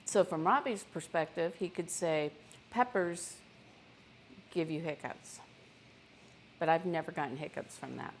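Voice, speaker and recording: A woman's voice: deep voice, a little slow, long pauses, a little hiss or hum. A woman hosting a live cooking stream from her home kitchen, chatting casually and joking at herself while she cooks. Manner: chatty and self-deprecating, talks to viewers while cooking.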